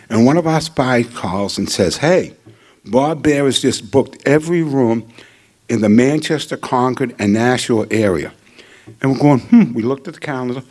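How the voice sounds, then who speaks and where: A man's voice: medium pitch, darkish tone. An older man speaks into a podium microphone at a ceremony. He tells his story with humor and quips, in a mid-range voice, like a seasoned speaker thanking the people around him. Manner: joking anecdotal storyteller. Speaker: hall of fame inductee. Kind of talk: acceptance speech. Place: ceremony hall.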